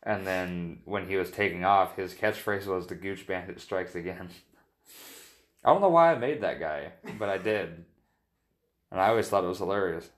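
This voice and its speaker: A man's voice: low voice, animated, moderate pace. A man co-hosting a casual chat, telling loose jokey stories. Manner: loose, joking storyteller. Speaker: podcast co-host.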